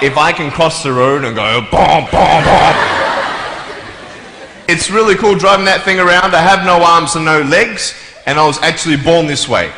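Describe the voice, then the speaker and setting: A man's voice: on the high side, bright, forceful tone, a little hiss or hum. A man giving a humorous live talk to an audience as a motivational speaker, joking playfully and acting out voices and sounds. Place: large hall before a live audience. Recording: echoey hall, long reverb, faint ambience.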